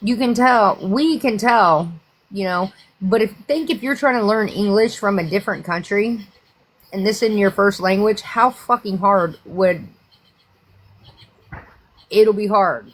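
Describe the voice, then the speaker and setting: An American woman talks loosely and frankly to her viewers, swearing freely as she rambles from one thought to the next. Her voice sits at an ordinary middle pitch. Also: measured pace. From United States. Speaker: livestream host. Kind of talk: casual chat.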